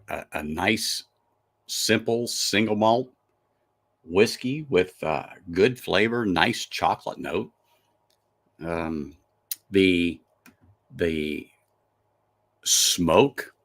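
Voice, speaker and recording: A man's voice: low voice, vocal fry, a bit bright. A man hosting a live stream, reviewing a whiskey in casual, chatty talk full of restarts and fillers.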